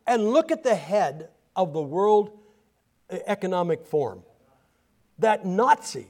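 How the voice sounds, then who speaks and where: A male preacher with a notably high-pitched voice delivers a lively, joking sermon. He stumbles over his words and repeats himself as he reads from scripture. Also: slow pace, pauses often. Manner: animated, humorous, with frequent restarts.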